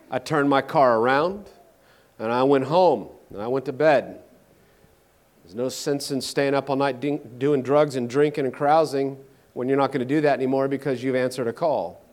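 A man preaching a personal testimony sermon, emphatic, swinging between loud declarations and hushed low passages. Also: steady tone, moderate pace.

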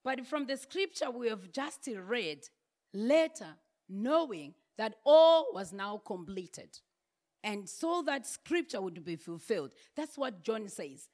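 A woman's voice: on the high side, big pitch swings, slow pace, darkish tone. A woman preaching a sermon, building her points through emphatic repeated refrains.

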